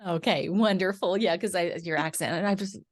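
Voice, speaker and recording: A woman's voice: on the low side, fairly quick. A woman with an Idaho accent hosting an interview over a video call, encouraging and playful with her guest. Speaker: interview host.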